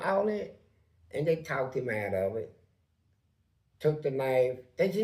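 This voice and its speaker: A man guesting on a podcast, telling profane prison stories in an animated way and jumping into loud acted-out quotes. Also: medium pitch, measured pace, pauses often. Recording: echoey room with background noise.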